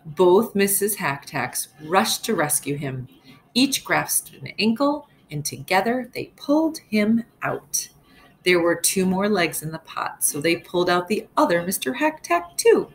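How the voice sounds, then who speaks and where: A woman's voice: fairly low pitch, a little hiss or hum. A woman teacher reading a storybook aloud for young children, stopping to ask them questions. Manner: slow, expressive, quizzing young listeners. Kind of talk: read-aloud storybook lesson.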